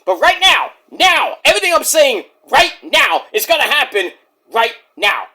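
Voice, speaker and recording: A man's voice: extremely high pitch, very animated, normal speed, sharp tone. A man casually reviewing a wrestling show in a rambling, jokey, profane way.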